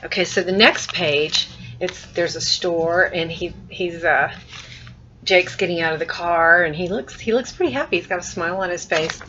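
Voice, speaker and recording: Bright-voiced woman teacher explaining reading fluency. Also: on the low side, normal speed. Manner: explains through examples and acts out sample lines; repeats and restarts phrases while thinking aloud. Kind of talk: recorded mini-lesson. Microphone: laptop webcam mic. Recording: muffled lo-fi webcam recording.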